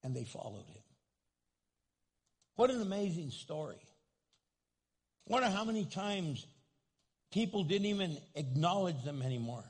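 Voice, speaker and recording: High gravelly pastor in a reverberant hall. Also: male voice, very animated, unhurried, pauses often. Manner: storytelling, acts out quoted voices, joking then pleading. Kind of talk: sermon.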